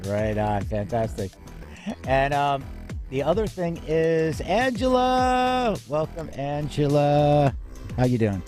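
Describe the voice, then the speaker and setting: A man's voice: fairly high pitch, very animated, takes it slowly, darkish tone. Man hosting a live music-news stream. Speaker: show host. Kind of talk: casual live-stream chat.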